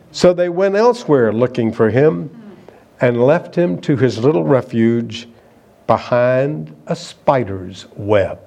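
A man's voice: medium pitch, lively intonation, slow pace, creaky, dark tone. A man preaching a sermon, emphatic and asking the congregation rhetorical questions.

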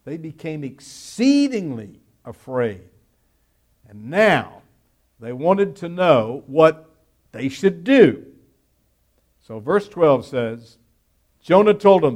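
A man preaching a sermon, reading scripture aloud and explaining it word by word, with emphatic stress that swings between loud and quiet. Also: fairly high pitch, big pitch swings, takes it slowly, long pauses. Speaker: pastor.

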